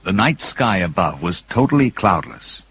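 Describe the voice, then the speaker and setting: A man reading a children's storybook aloud as narrator, expressive and building with the action. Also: sits low, moderate pace, husky, low-quality recording. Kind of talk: storybook read-along narration.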